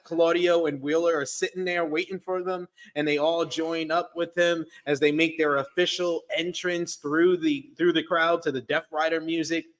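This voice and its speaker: A man's voice: on the high side, a bit bright. A man co-hosting a wrestling review show, reading a blunt, wry recap of the episode.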